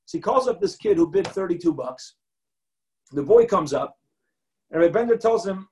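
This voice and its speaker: Man, rabbi type, high voice, lively storytelling lecture with Hebrew and Yiddish terms sprinkled in. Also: normal speed, pauses often, low-quality recording. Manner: animated storyteller, acts out quotes, mixes in Hebrew and Yiddish terms. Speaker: rabbi giving a Torah talk.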